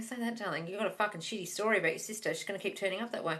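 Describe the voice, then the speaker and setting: Woman, bright forceful tone, live-stream Q&A, blunt, says darling a lot, phone mic. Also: medium pitch, rapid-fire. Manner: reads viewer comments aloud and answers, calls everyone darling; blunt, swears casually. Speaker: manifesting coach.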